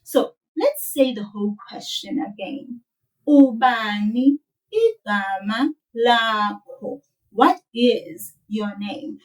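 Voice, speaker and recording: A woman teaching a children's language lesson, modeling words slowly and playfully with laughs. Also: on the high side, far from the mic, rough recording. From South Africa.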